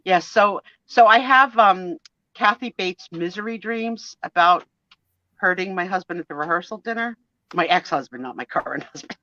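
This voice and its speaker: A woman in her sixties chatting casually on a live stream, an animated storyteller who acts out the voices in her stories. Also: on the low side, moderate pace, no echo, lo-fi sound. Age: 60s. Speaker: co-host of a live sale and chat stream. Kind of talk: casual chat.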